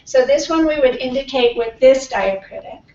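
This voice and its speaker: A woman teaching a pronunciation workshop, modeling words slowly and checking in often with her class. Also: sits high, a little mellow. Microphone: distant room mic. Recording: echoey classroom from far off, dull and slightly noisy.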